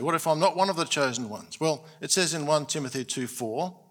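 A man's voice: a little high, animated, normal speed, a bit bright. A man preaching a sermon, earnest and emphatic, stressing key points. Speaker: pastor.

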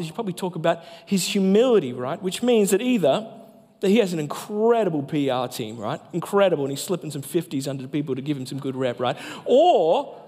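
A man, a pastor, preaching a sermon with emphatic delivery that slows down for key phrases. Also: on the high side, warm tone. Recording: long hall reverb.

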